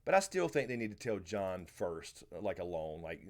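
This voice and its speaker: This livestream host, a Southern American man with a low-sitting voice, talks at normal speed with few pauses. He keeps the live Q&A loose and rambling, greeting and answering viewers by name.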